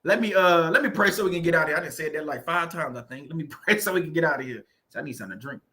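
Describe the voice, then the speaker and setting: Fast-talking bright Southern US man. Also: a little high. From Southern United States. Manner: chatty, repetitive, laughing often, says "you know what I'm saying". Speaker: faith-based YouTuber and real estate agent. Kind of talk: casual motivational vlog talk.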